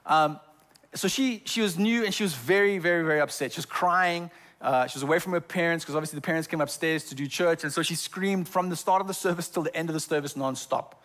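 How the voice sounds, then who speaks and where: A man's voice: on the high side, fast, fairly bright tone. A man preaching a sermon as pastor in a church, often stumbling over repeated words as he talks. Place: church sanctuary.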